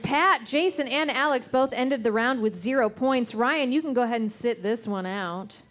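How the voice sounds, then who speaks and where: A woman's voice: on the high side, moderate pace. A woman co-hosting a comedy quiz show, ruling on points and announcing the scores.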